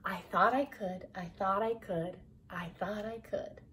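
A woman voicing a kind, determined little female blue engine in a storybook, speaking softly and steadily. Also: medium pitch, measured pace, distant mic, pitched below the performer's own voice, natural voice. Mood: gentle. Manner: soft, gentle and steady.

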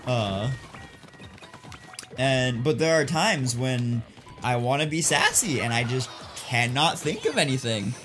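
A man's voice: mid-range voice, big pitch swings, slow pace, a bit bright, faint music behind. Joking young man chatting over gameplay. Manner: joking, rambling, laughs often. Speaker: co-host of a gaming channel. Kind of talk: casual let's-play banter.

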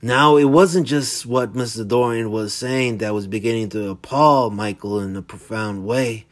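A man narrating his own hard-boiled thriller in a dramatic audiobook style. His storytelling is intense and gritty, leaning into the dread of each scene. He speaks at an ordinary mid pitch for a man. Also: normal speed. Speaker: author reading his own novel.

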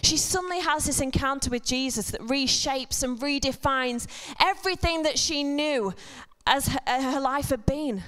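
This woman has a high, fairly bright voice and talks at a normal speed with hardly any pauses. She's preaching a conversational sermon to a congregation, peppered with self-mocking jokes and lighthearted tangents.

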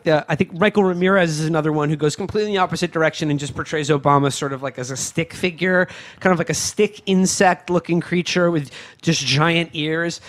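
A man co-hosting a podcast in casual chat, halting and restarting his sentences often. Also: fairly high pitch. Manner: halting, with frequent restarts and stammered repeats. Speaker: podcast co-host.

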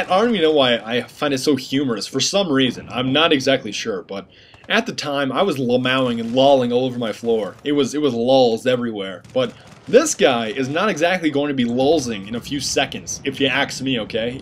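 A man's voice: mid-range voice, expressive, fairly quick, slight background noise. A man giving casual gameplay commentary, joking and rambling in slang with mock-serious asides.

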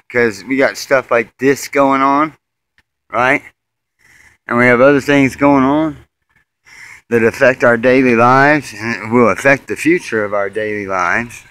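A man's voice: medium pitch, a bit bright, clean tone, poor audio. A man vlogging outdoors on a phone while walking his dog at night, rambling sarcastically and swearing freely as he rants. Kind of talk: casual rambling commentary while filming.

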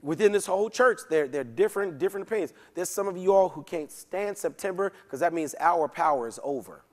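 Chatty pastor in a reverberant church. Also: male voice, high voice, expressive, brisk. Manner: conversational, keeps checking in with "Okay?"; folksy, slips into casual slang. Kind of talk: Bible study teaching. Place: church sanctuary. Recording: long church hall reverb.

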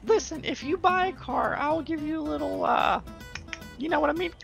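A man voicing a pushy, flirty female car saleswoman in game role-play, with a creaky falsetto and suggestive sales patter. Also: moderate pace, over loud music, full character voice.

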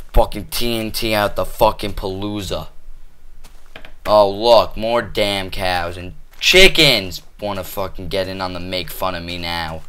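A man's voice: low-pitched, clear, resonant tone. Foul-mouthed angry young gamer man. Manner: swears constantly, trash-talks game animals; flips between angry yelling and muttering. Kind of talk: cursing let's play commentary.

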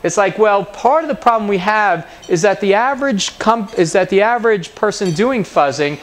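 A man's voice: high-pitched, moderate pace, a little hiss or hum. A man giving a conference talk, telling an anecdote and mimicking the people in it. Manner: animated storyteller, mimics other people's voices in anecdotes. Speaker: conference speaker. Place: conference hall.

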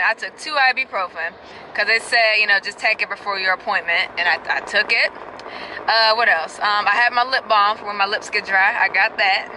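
A woman's voice: mid-range voice, fairly quick, noisy background. A young woman chatting expressively to her viewers in a casual vlog, talking from inside her car. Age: young adult. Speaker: vlogger. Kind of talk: casual vlog talk to camera. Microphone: handheld camera.

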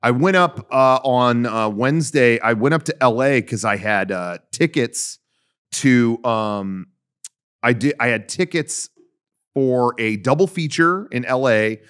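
A man's voice: medium pitch, unhurried, a bit bright, smooth. Rambling man on a podcast. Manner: rambling, frequent fillers and restarts. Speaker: podcast co-host. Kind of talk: casual chat.

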